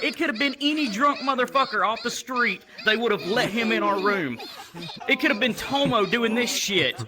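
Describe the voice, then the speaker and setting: A man's voice: extremely high pitch, moderate pace. A man doing stand-up comedy on a club stage, telling a profane story and acting out the people in it. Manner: profane, animated, acts out characters. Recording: loud crowd noise. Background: audience laughter.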